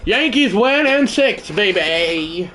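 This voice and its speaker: A man hosting a live stream, calling a video game baseball match, shouting at big moments and mumbling goodbyes to chat. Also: slow pace. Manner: excitable, shouts celebrations then drops to low mumbles. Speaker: livestream host.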